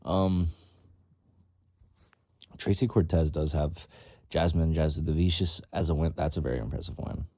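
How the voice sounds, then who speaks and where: A man's voice: extremely low pitch, moderate pace, long pauses, dark tone, no echo. A young man giving casual, rambling, profane fight predictions in a vlog. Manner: rambling, profane, lots of fillers.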